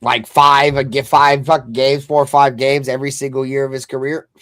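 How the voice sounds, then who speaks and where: A man's voice: mid-range voice, flat delivery, brisk, fairly bright tone, no room sound, studio quality. A man hosting a podcast, chatting casually, loose, joking and profane. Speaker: podcast host.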